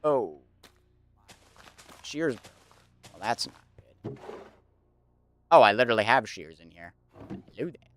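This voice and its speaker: A man's voice: mid-range voice, sing-song, measured pace, long pauses, fairly bright tone, slight background noise. A young man streaming casually, rambling and thinking aloud with lots of fillers while he plays a building game.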